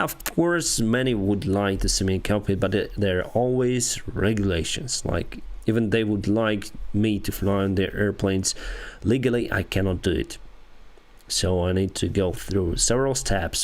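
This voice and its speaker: Ukrainian-accented man chatting on a live stream. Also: lowish voice. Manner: halting non-native English with restarts and soft laughs. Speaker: airline pilot and live-stream host. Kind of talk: casual live-stream chat answering viewers.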